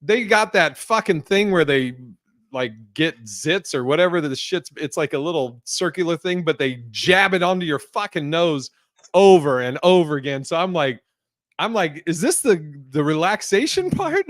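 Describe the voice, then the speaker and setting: A man's voice: a little high, normal speed, a bit bright, no room sound, studio quality. A man hosting a podcast in casual chat, joking, swearing freely, and rambling through fillers. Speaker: podcast host.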